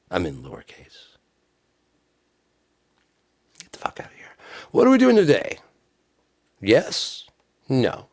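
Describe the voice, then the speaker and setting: With a low, creaky voice, a man chats on his live stream about music practice. His talk wanders and drips with sarcasm, occasionally erupting into pretend-angry shouting.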